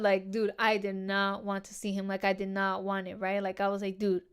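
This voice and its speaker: Woman, podcast host, casual storytelling, lots of slang and swearing, crisp clear voice. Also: mid-range voice, level tone, moderate pace, hardly any pauses. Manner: heavy swearing and slang, addresses listeners as dude and girls.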